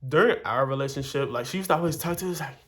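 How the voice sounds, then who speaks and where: A young man vlogs in a medium-pitched, slightly bright voice, talking quickly. He tells a long personal story casually and chattily, packed with filler words and acted-out quotes.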